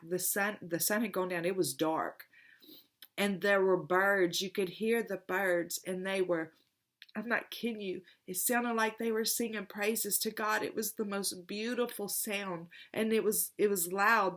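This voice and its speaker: A woman's voice: medium pitch, fairly even intonation, normal speed. Heartfelt woman, rambling and emotional. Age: middle-aged. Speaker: tarot reader. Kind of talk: casual spiritual vlog talk.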